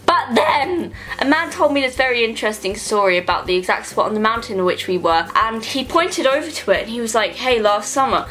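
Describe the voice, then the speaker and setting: A woman's voice: a little high, expressive, a little fast, few pauses, a bit bright, soft background music. Playful rambling young woman vlogger. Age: young adult. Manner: playful, rambling, self-mocking jokes. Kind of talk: casual comedic vlog monologue.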